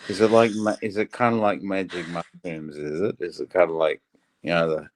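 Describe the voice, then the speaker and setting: A man's voice: low-pitched, fairly even intonation, a little fast. A man in casual livestream chat, laid-back and asking simple questions.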